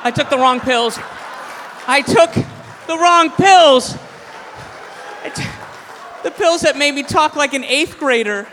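A man's voice: very high-pitched, takes it slowly, pauses often, pushed and bright, a little hiss or hum, pitched above the performer's own voice, exaggerated voice. A man voicing a panicky, tearful male president who is out of his depth, with a whiny squeal. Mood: whimpering. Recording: echoey hall with faint crowd.

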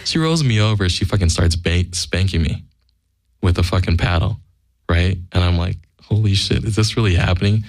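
Guy with a real low voice, blunt, swearing, doing all the quotes, dry close mic. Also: normal speed, dry recording. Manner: blunt, acts out quoted dialogue. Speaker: guest storyteller. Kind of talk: casual profane anecdote.

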